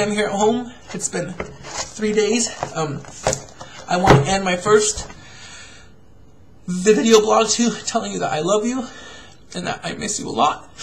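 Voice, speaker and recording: A man, a father, gently reading a picture book aloud to his young daughter and then speaking to her in a soft, hesitant way at home. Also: sits high, gravelly, background noise. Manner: gentle, soft and hesitant, with many pauses and fillers. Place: at home, indoors.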